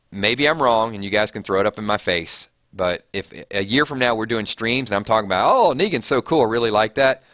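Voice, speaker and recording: A man's voice: lowish voice, pushed and bright, dry recording, studio quality. A man hosting a live stream, chatting casually and reading viewer comments aloud with frequent restarts.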